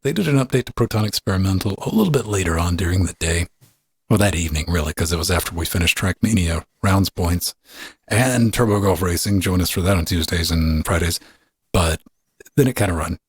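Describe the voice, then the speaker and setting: A man with a low, breathy voice hosts a casual live podcast. He rambles, chuckles and interrupts himself. The sound is dry and close, with no room around it. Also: no room sound. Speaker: podcast host.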